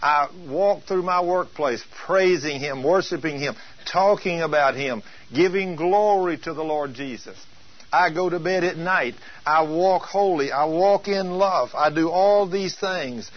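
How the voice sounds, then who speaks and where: Husky-voiced man preaching emphatically. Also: on the high side, a little slow. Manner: emphatic, asks rhetorical questions. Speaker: preacher teaching on healing. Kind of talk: sermon. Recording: dull lo-fi taped teaching.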